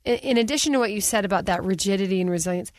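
A woman's voice: mid-range voice, racing, no room sound. A woman in her forties hosting a podcast in a studio, telling stories candidly and expressively. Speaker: podcast host. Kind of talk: podcast conversation. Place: recording studio.

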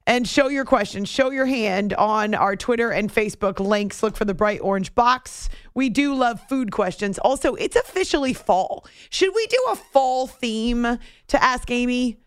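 Woman hosting late night sports radio, kinda high voice, giddy and tired, laughs a lot, dry studio sound. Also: animated, normal speed, hardly any pauses, clear, resonant tone, no room sound. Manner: playful, laughs often, teasing. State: sleep-deprived, giddy. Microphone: studio mic.

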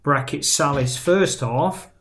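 A man's voice: on the high side, slow pace, a bit bright, a little hiss or hum. A man hosting an interview, thoughtful and emphatic, building his points in long winding phrases. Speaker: interview host. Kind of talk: conversational interview.

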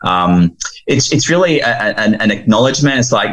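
A man speaking as a guest in an interview, heartfelt and earnest, animated when he retells scenes. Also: lowish voice, fairly quick, low-quality recording. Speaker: guest, founder of a fathers' ministry.

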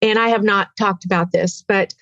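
A woman in her sixties giving an earnest personal testimony as an interview guest, halting and tearful at times. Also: medium pitch, steady tone, a bit bright, no room sound, lo-fi sound.

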